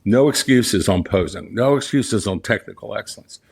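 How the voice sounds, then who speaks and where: A middle-aged Southern US portrait photographer and studio owner, interviewed in his studio, tells stories in a conversational way. His fairly low voice is expressive, gravelly, slightly rough and darkish, at a moderate pace. He speaks earnestly with emphasis, often restarting and repeating his key phrases.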